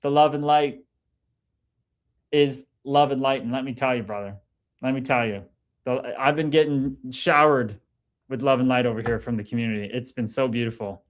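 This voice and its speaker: A man's voice: mid-range voice, steady tone, normal speed. Hyped-up man chatting on stream. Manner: swears freely, hypes viewers up. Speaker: livestream host reading chat. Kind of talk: casual livestream chat.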